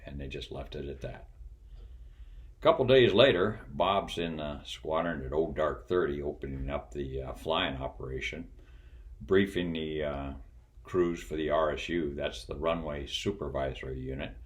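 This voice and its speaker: An older man, a retired pilot and flight instructor, tells folksy stories in an unhurried way, pausing often and chuckling. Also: a bass voice. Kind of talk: casual storytelling.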